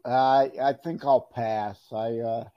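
A man co-hosting a podcast in casual chat, unhurried and quick to laugh. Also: medium pitch, steady tone. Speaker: podcast co-host. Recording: dull lo-fi audio.

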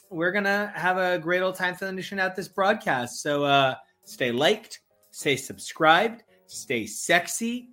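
A man hosting a podcast over a call, chatty and excitable, with lots of fillers and jokes. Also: a little high. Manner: excitable, many fillers, joking. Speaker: podcast host. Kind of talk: casual podcast chat. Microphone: remote call.

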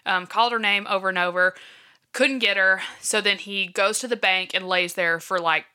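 A woman's voice: mid-range voice, steady tone, moderate pace, sharp tone, clean tone. A woman casually retelling a true-crime case from her notes, with many fillers like "um" and "like". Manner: chatty, filler-heavy, checks her notes. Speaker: podcast co-host.

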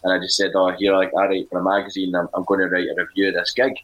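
A Scottish man with a very deep, low-pitched voice chats on a podcast. He tells long, wandering stories full of fillers and small restarts, in a relaxed conversational way. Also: fast, muffled recording. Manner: rambling anecdotal storytelling with many fillers. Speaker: podcast co-host and music writer. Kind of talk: casual podcast chat.

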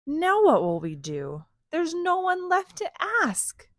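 A woman's voice: extremely high pitch, wildly swooping pitch, slow pace, no echo, studio quality, voice pushed up, exaggerated voice. A woman voicing a flock of fretful farm sheep while reading a picture book aloud.

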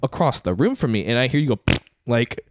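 A man's voice: mid-range voice, very animated, a little fast, a little hiss or hum. A man co-hosting a casual chat, rambling through his points with lots of fillers and laughing at his own jokes. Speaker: podcast co-host.

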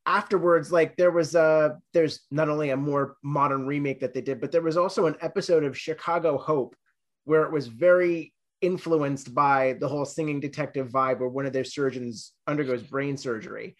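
A man's voice: a little high, steady tone, moderate pace. A man interviewing a guest, talking up a subject with enthusiasm. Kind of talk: interview talk.

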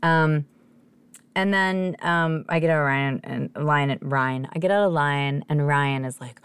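A woman hosting a podcast, telling a story in a casual, profane, animated way and laughing often. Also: low voice, normal speed, clean tone, no room sound. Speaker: podcast host.

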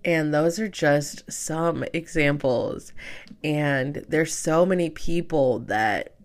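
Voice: mid-range voice, slow. A podcast host and tarot reader giving an emotional, casual sign-off, tearful, chatty and freely profane.

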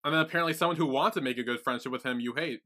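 A man's voice: medium pitch, rapid-fire, bright, forceful tone. A man co-hosting a podcast, summarizing plot in an easygoing casual chat. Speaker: podcast co-host.

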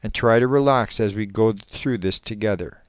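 A man doing a steady, reassuring hypnotherapist. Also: lowish voice, normal speed, clear, resonant tone, no echo, close to an everyday voice. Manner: steady, reassuring, at times forceful. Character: calm male hypnotherapist guiding a subject.

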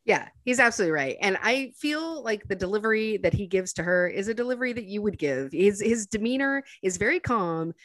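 A woman's voice: medium pitch, lively intonation, a little fast, few pauses, no room sound. A woman co-hosting a casual film podcast, retelling scenes animatedly and laughing often. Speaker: podcast co-host.

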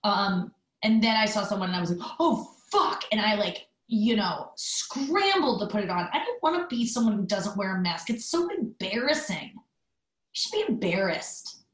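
A woman's voice: mid-range voice, big pitch swings, echoey room, poor audio. A woman hosting a podcast, telling a rambling story in casual chat with lots of fillers and asides. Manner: chatty storytelling, loose fillers, quick asides. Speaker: podcast host. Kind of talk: casual monologue.

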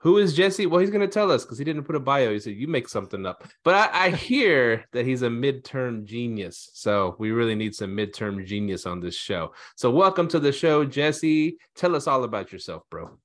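A man hosting a casual podcast, relaxed and jokey, laughing often. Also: mid-range voice, normal speed, few pauses. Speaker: podcast host.

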